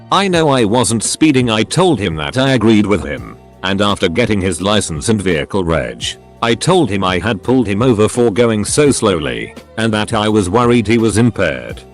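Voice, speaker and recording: Male narrator, scripted storytelling, low-pitched, animated intonation. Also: normal speed, few pauses, soft background music.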